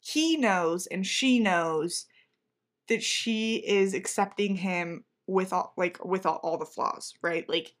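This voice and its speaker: A woman's voice: lowish voice, slow pace. A woman co-hosting a book podcast, talking casually with many fillers and trailing-off sentences. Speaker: podcast co-host.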